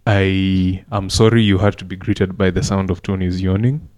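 Male podcast co-host, low-ish, playful rambler, dry close mic. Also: normal speed, no room sound, lo-fi sound. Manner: playful, rambling, repeats words when excited. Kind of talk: casual chat.

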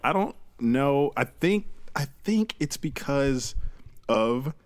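A man co-hosting a podcast, chatting casually about basketball, animated and swearing freely. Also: mid-range voice, slow pace, no echo. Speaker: podcast co-host. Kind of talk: casual sports chat.

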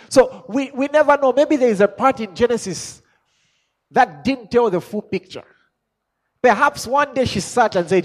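A man preaching a sermon as an apostle, chuckling and asking himself questions as he builds from quiet musing to shouted exhortation. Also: extremely high pitch, animated, normal speed. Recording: long hall reverb.

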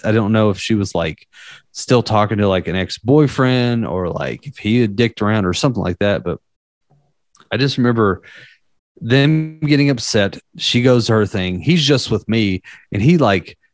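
Rambling, profane low-voiced young man. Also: dry recording, studio quality. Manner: rambling, loose and profane, with lots of fillers. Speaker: storyteller. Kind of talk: casual podcast chat.

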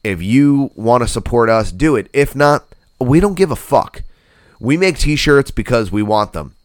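A man's voice: mid-range voice, animated, measured pace, no room sound, clean studio sound. A man hosting a podcast in casual banter, laid-back and heavy on profanity. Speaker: podcast host.

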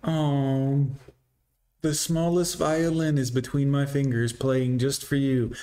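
A man's voice: mid-range voice, level tone, takes it slowly, warm tone. A man giving sarcastic, scornful reaction commentary, lecturing his listeners.

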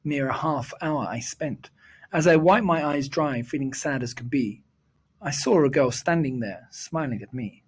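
A man reciting a rhyming children's poem in a measured, sing-song storytelling delivery. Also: a little high, breathy edge.

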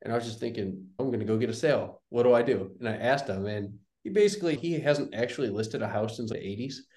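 With a medium-pitched voice and a fast pace, a young real estate investor tells a lively story on an interview show, voicing the quoted lines himself. The sound is roomy and echoey, and his tone stays casual.

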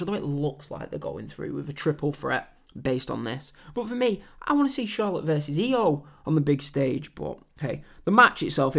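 A man hosting a wrestling podcast, giving blunt opinions with swearing and mocking loud shouts. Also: a little high. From England. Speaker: podcast host.

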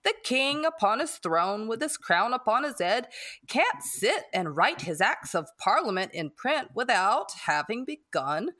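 A plain, gentle working man speaks in an old-fashioned country dialect, voiced by a woman reading aloud. The delivery is slow and earnest, and the pitch rises and falls in a lively way. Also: exaggerated voice.

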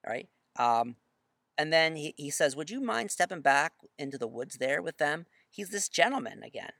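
Bright-voiced man lecturing on a story. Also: gravelly, no room sound. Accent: Northern US. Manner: conversational, tag questions, reads quotes aloud with lifted pitch. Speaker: literature teacher. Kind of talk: lecture reading and analyzing a short story.

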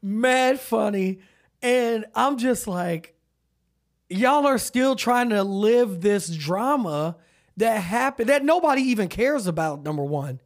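A man co-hosting an easygoing podcast speaks slowly in a high voice. He tells stories with animation, laughing frequently and dramatizing quotes.

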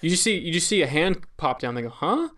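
A man's voice: a little high, lively intonation, quick pace, fairly bright tone, distant mic. A man co-hosting a casual chat show, adding dry, teasing quips. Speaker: podcast co-host. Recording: set back from the mic.

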